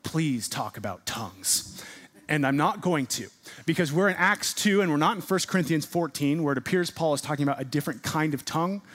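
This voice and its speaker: Impassioned preacher, booming then hushed. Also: male voice. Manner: dramatic swings between booming emphasis and hushed delivery; drawn-out, deliberate phrasing on key words. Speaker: pastor. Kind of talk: sermon.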